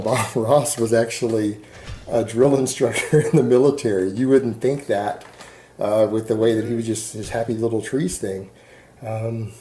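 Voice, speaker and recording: A Texan man rambling bluntly and defiantly in a casual vlog monologue while he works at a hobby. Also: medium pitch. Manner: blunt, defiant, talks while hand-loading ammo. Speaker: vlogger. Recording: steady background noise.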